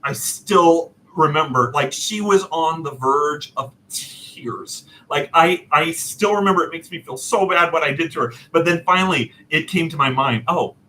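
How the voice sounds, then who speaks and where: Bright-voiced man telling a story. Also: on the high side, normal speed, hardly any pauses, a little hiss or hum, low-quality recording. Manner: animated, self-deprecating, laughs often. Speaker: storyteller host. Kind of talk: casual personal storytelling.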